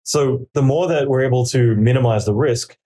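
A man talks casually in a podcast interview, his voice dark and mellow. He rambles through his advice with plenty of fillers and slips into quoted inner dialogue as he goes. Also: mid-range voice, normal speed. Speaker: podcaster giving career advice.

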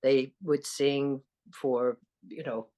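A woman's voice: a bass voice, steady tone, slow. Older woman, faint Southern accent, laughs a lot. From American South. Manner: warm, rambling, self-deprecating, laughs often. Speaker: actress, interview guest. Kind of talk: casual storytelling interview.

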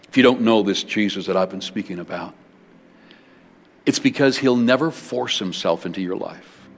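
A man preaching a sermon as pastor in a large church building, switching between loud bursts and hushed words. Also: lowish voice, normal speed. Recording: long hall reverb.

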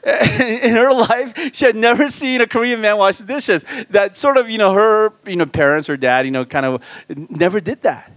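A man preaching as a guest pastor at a church retreat, animated, swinging between loud emphasis and quiet asides. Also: sits high, normal speed, dry recording. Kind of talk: sermon.

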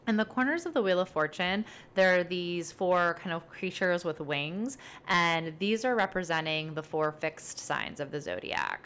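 Solo podcast host, female, low-pitched, casual and rambling, friendly energy. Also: a bit bright. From based in New York City. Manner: chatty, upbeat, rambling with fillers. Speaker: podcast host and tarot reader.

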